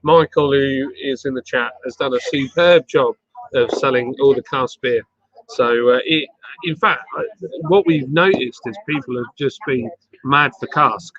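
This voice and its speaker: A man's voice: mid-range voice, a little slow, fairly bright tone, muffled recording. A man hosting a casual live stream from a pub garden, playful and bantering as he reads out the chat. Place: outdoor pub garden, on a bench.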